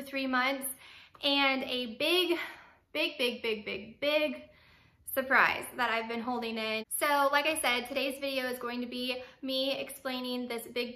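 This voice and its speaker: A young woman hosts her own fitness vlog in a loose, chatty way, full of ums and you knows. Her voice is bright and ringing and sits a little high. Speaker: fitness vlogger. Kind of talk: casual to-camera vlog.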